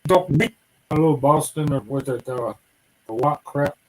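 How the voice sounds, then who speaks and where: A man's voice: on the high side, normal speed, rough recording. A man hosting a livestream, chatting and joking in a folksy way. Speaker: livestream host. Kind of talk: casual chat.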